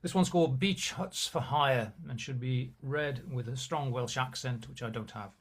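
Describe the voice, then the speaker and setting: A man's voice: mid-range voice, moderate pace, hardly any pauses. A man reading his own poems on a video call, with wry, chatty asides between them. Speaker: poet reading his work.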